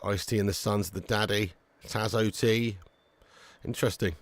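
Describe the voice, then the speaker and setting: A man's voice: lowish voice, steady tone, normal speed, no echo. A man hosting a live watch-along, reading out viewer comments in loose, joking banter with frequent swearing and chuckles. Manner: laid-back banter, swears freely, chuckles often.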